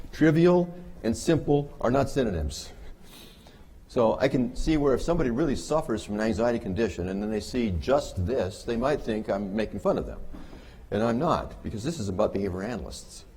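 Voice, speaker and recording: A man's voice: on the low side, warm tone, a little hiss or hum. A man giving a humorous conference lecture on behavior analysis, wry and joking with the audience. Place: conference hall.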